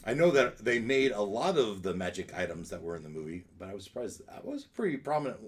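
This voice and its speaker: Lively-voiced man running a tabletop game. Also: fairly low pitch, fast talker. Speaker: dungeon master.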